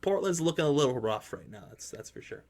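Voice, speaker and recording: A man's voice: mid-range voice, very animated, fast talker, darkish tone. A man hosting a casual basketball podcast, talking in a rambling way with frequent restarts. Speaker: podcast host. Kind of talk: casual sports chat.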